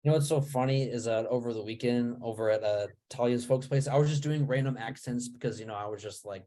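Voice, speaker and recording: A man who is an actor, co-hosting a podcast in a relaxed, easygoing chat. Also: mid-range voice, fast. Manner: relaxed, easygoing, laughs often. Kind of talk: casual chat.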